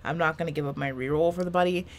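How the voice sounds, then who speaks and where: Her low voice races along with fairly even intonation as this gaming YouTuber in her twenties does casual let's-play commentary. Recording from a small room with a fan going, she rambles, swears a lot, and jokes at her own expense.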